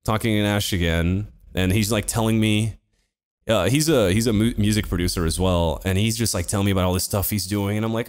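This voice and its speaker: A man's voice: fairly low pitch, quick pace. A man, podcast co-host, telling a rambling story in casual chat, swearing and laughing often.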